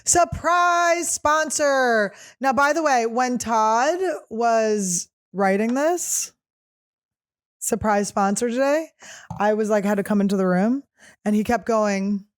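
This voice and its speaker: A woman hosting a comedy podcast alone, telling crude, animated, self-mocking stories in a casual monologue. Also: fairly high pitch, measured pace. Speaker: podcast host.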